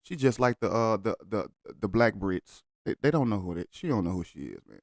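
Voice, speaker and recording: Blunt low-voiced man ranting. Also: expressive, brisk, dry recording, clean studio sound. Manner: blunt, heated, argumentative. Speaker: reaction video host. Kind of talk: casual reaction commentary.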